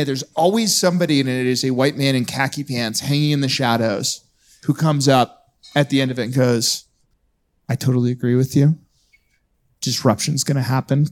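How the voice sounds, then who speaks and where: A man speaking bluntly and jokingly on a live podcast panel at a conference, throwing out provocative hot takes. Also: fairly high pitch.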